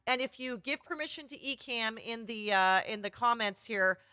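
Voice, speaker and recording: A woman's voice: fairly high pitch, normal speed, pushed and bright, clear, resonant tone, no echo, studio quality. A woman photography business coach giving an upbeat, chatty live-streamed workshop.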